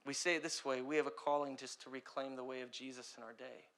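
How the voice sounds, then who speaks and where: A young adult man preaching a sermon as pastor, impassioned, swinging between loud urgent passages and quiet ones. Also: mid-range voice, steady tone, fast talker, few pauses, a little hiss or hum.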